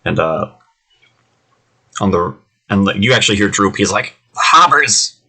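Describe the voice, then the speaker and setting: A man's voice: sits low, fairly even intonation, normal speed, vocal fry, pushed and bright, slightly rough. A man narrating as game master of a tabletop game, loose and full of fillers.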